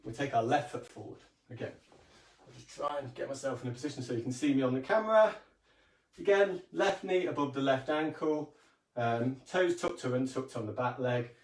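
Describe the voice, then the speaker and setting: A man gently guiding a yoga and breathing session and reading a story aloud. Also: medium pitch, brisk. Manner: calm, gentle instructions with soft hums. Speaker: yoga teacher. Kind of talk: guided kids' yoga and storytelling. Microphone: camera mic at a distance. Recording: roomy, distant camera mic.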